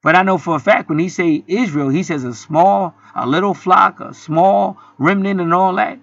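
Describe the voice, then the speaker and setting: A man's voice: sits high, normal speed, gravelly, a bit bright, no echo, dull audio. Heated, profane man telling a story. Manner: profane, heated, rambling with restarts. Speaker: channel host. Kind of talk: casual storytelling monologue.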